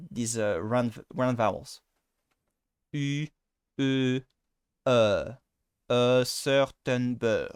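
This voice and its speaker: A man's voice: medium pitch, no room sound, studio quality. A man with a French accent and French as his first language, giving a casual pronunciation lesson with many fillers and restarts. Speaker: language teacher.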